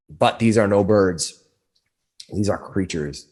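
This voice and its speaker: A man's voice: lowish voice, darkish tone, breathy edge. A man running a tabletop game as game master, narrating and explaining rules in a rambling way with many restarts.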